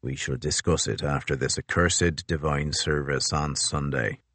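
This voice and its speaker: A man voicing a weary, gruff older naval captain who speaks curtly and without enthusiasm in an audiobook. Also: extremely low pitch, a little slow, a bit bright, no room sound, pitched below the performer's own voice. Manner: curt, unenthusiastic. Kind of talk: audiobook character voice.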